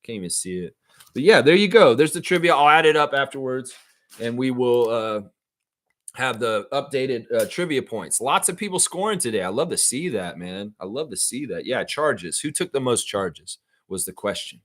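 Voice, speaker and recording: A man hosts a live-streamed fan trivia session in a loose, chatty way. He talks straight to the viewers as y'all and keeps the flow going with frequent fillers and restarts. His pitch sits in the middle range for a man. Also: lively intonation, moderate pace, fairly bright tone, dry recording. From Canada. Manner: chatty, addresses chat as y'all, many fillers. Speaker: host of a live fan show.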